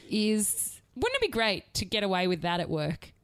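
A woman co-hosting a casual podcast chat. She teases her co-host and laughs a lot, and her pitch jumps up and down a great deal. The sound is close and dry. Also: wildly swooping pitch, clean tone, dry recording. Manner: teasing, quick to laugh.

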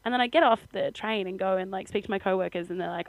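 A woman's voice: mid-range voice, fast talker, no echo, rough recording. A young Australian woman co-hosting a podcast, telling a story in casual chat with frequent laughter. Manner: chatty storytelling, laughs often. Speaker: podcast co-host.

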